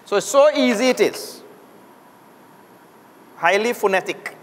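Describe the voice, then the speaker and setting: High-voiced man teaching in a hall. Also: lively intonation, measured pace. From Trinidad and Tobago. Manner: drills sounds aloud for students to repeat. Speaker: Sanskrit teacher. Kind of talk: classroom lesson. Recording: long hall reverb.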